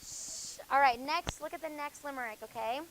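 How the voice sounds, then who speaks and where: A woman with a somewhat high voice teaches a high school class and explains a lesson step by step. She stumbles through fillers and corrects herself as she goes. A faint hiss sits under the recording. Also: brisk, rough recording. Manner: explains with many fillers and self-corrections, hushes students. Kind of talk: classroom lecture.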